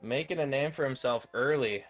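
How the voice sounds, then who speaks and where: A man's voice: mid-range voice, moderate pace, slight background noise. Canadian man calling a sim race. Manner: relaxed, conversational, thinking aloud. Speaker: lead commentator. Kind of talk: live sim racing commentary.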